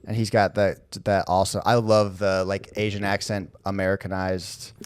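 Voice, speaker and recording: Low-voiced man in a dry, rambling chat. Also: level tone, normal speed, clean tone, no room sound. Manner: rambling, laid-back, lots of fillers. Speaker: podcast co-host. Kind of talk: casual chat.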